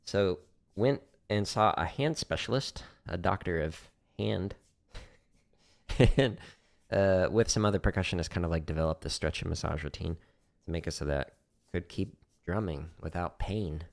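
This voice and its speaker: A low-voiced drum teacher with vocal fry talks at a normal speed during a livestream lesson in his practice room. He covers technique in a relaxed, instructional manner with fillers, recorded on a studio microphone near the drums.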